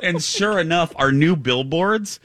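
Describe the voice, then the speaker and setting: A man co-hosting a radio show, telling a lively story and mimicking high voices. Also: a little slow, no echo, studio quality. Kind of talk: storytelling banter.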